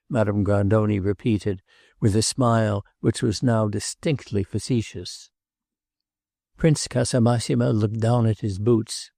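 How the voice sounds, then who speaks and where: A man narrating a classic novel as an audiobook in a measured, even reading. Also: fairly low pitch, vocal fry, no echo, clean studio sound. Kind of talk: scripted literary narration.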